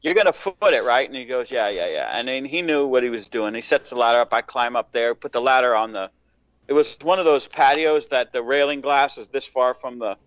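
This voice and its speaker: A man telling a rough-edged work story in casual podcast chat, swearing as he goes. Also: mid-range voice, a little fast, no echo, dull audio. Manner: profane, animated storytelling.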